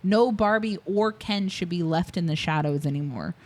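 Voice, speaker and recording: A woman's voice: fairly low pitch, moderate pace, darkish tone. Chatty woman recapping a film scene. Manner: retells scenes with quoted lines, fillers, laughs often. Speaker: podcast co-host. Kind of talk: casual movie recap chat.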